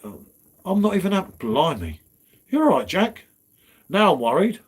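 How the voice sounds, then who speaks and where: A man's voice: sits high, very animated, normal speed, breathy edge. A man hosting a casual beer chat stream, slangy and chatty. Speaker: host of a beer review stream.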